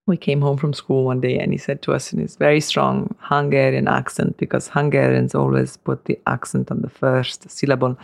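Gravelly middle-aged man telling family stories. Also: mid-range voice, dry recording, clean studio sound. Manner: rambling anecdotes with fillers, laughs easily. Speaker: guest, family business heir. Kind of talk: casual storytelling interview.

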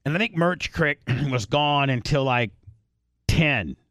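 A man hosting a podcast, telling a long rambling story in casual chat, swearing freely and clearing his throat often. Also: a little high, animated, slow pace, a bit bright, no room sound, clean studio sound. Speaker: podcast host.

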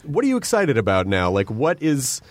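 A man's voice: mid-range voice, huge pitch swings, normal speed, dry recording. A man hosting a podcast interview in casual chat, easygoing and joking. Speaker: podcast host.

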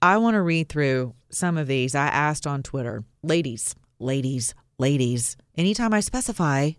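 Casting note: woman host, low voice, frank and lively, dry close sound. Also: moderate pace, clear, resonant tone, dry recording. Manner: frank, animated, reads listener comments aloud. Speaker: podcast host. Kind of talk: casual chat.

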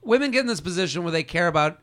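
A man's voice: high voice, expressive, racing, a bit bright. A male podcast host giving relationship advice in casual chat, acting out example lines as he goes. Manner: talks things through, acts out example lines.

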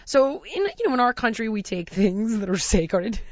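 An American woman telling a lively, laughing anecdote in casual chat. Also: medium pitch, moderate pace, dull audio. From United States.

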